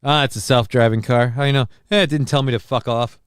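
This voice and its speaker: A man rambles through viewer comments on his live show with a dry, deadpan wit and the odd curse. His voice is smooth and resonant, sitting at an ordinary pitch. The sound is close and dry, with no room echo. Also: quick pace. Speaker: livestream host reading chat. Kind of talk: casual live-stream chat.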